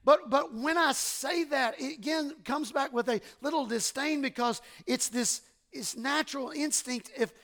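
A man's voice: extremely high pitch, measured pace, hardly any pauses, fairly bright tone. A man with a Southern US accent, a pastor preaching a sermon in a conversational, self-deprecating way, often restarting his words and quoting everyday exchanges. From American South.

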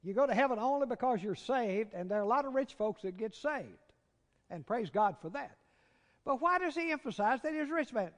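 A man with a Southern American accent preaching a sermon, dropping to hushed, drawn-out words and rising to loud, urgent cries. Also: very high voice, lively intonation. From Southern United States. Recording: long reverb of a large hall.

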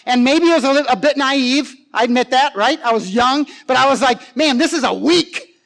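A man preaching a sermon, telling a personal story with animation, swinging from loud excitement to quiet pleading. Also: very high-pitched, a little fast.

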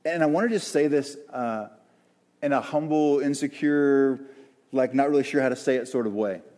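A man preaching a sermon as the church's pastor, earnest and searching, with pauses and restarts. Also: medium pitch, a little mellow. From American South. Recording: long hall reverb.

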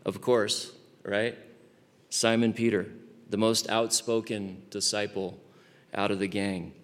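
Casual, animated male preacher, lowish voice, recorded in a reverberant church sanctuary. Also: takes it slowly. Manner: conversational, animated preaching with asides and laughter. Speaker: pastor. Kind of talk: sermon.

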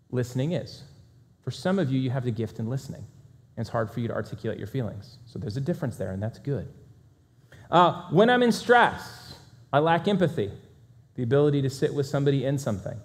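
A man giving a talk to a live audience, energetic and fast-talking, with self-deprecating humor. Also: mid-range voice. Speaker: speaker.

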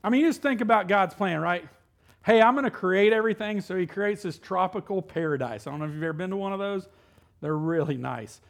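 A man in his thirties preaching a casual sermon. He peppers his talk with "man" and "right?" and slows down to read scripture. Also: high voice. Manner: reads scripture slowly and deliberately. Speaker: pastor.

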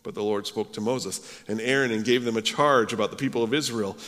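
A man's voice: fairly low pitch, a little fast, a bit bright. A male pastor preaching a sermon, earnest and emphatic, stressing key words. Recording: long reverb of a large hall.

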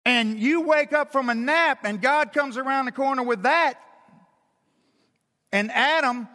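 A male pastor with a high-pitched voice preaches slowly in a church sanctuary, the recording carrying long hall reverb. Delivering his sermon animatedly, he acts out quotes with sudden swings in pitch and loudness.

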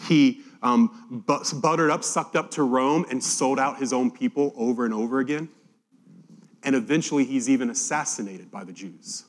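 A man's voice: medium pitch, normal speed. Guy preaching bible verses, acts out the quotes, echoey big hall sound. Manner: animated, voices scripture quotes dramatically. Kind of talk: sermon, Bible teaching. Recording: long hall reverb.

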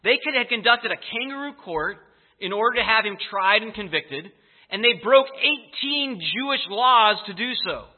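A man with a fairly high voice preaches a sermon, telling the story in a lively, emphatic way. The sound is thin and tinny, like it was caught over a phone line. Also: moderate pace. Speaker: pastor.

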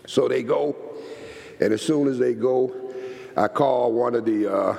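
A male pastor tells a story in a sermon, his voice rough with gravel. He talks in lively bursts, climbing and dropping in pitch and repeating words as he goes. The hall adds a long, trailing echo behind him. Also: measured pace, long pauses.

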